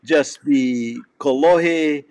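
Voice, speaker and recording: A man hosts a loose live chat show, rambling and reading viewer comments aloud. His voice sits a bit high, and the recording is dry with no room sound. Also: extremely slow, darkish tone, dry recording. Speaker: comedy show host.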